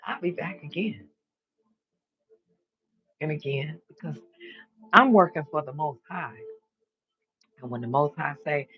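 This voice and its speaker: A man's voice: a little high, a little slow, long pauses. Emphatic, preachy man on a muffled stream. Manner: emphatic, preachy, repeats declarations, swears casually. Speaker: live stream host. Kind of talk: spiritual monologue on a live stream.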